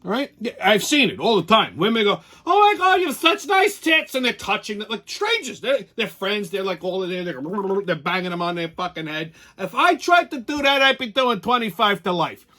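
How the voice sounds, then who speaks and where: A man hosting a weekly wrap-up show, ranting in crude, profane, mocking commentary that swings between loud outbursts and low grumbling. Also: animated, moderate pace, few pauses. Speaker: show host.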